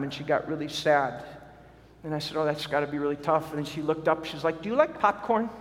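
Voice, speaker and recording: A man's voice: a little high, a bit bright. A middle-aged man preaching a sermon as pastor, earnest and often repeating words as he starts sentences. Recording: long hall reverb.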